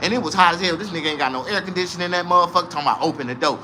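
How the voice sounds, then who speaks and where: A man from the South, telling a comedic story in a casual, profane, animated way. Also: high-pitched, rapid-fire, slight background noise. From American South.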